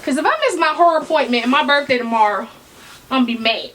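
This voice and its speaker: A giddy woman chatting through an unboxing for her viewers, her voice swinging wildly up and down. She talks herself down from excitement and drops to whispers now and then, all bright and sharp in tone. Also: sits high, racing, slight background noise. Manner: chatty slang-filled banter with viewers. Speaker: fashion vlogger.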